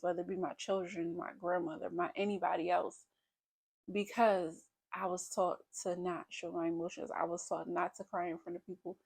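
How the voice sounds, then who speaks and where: Woman in her thirties, vlogger, casual confessional talk, blunt and candid, some vocal fry. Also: fairly low pitch. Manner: candid, blunt, talks straight to viewers.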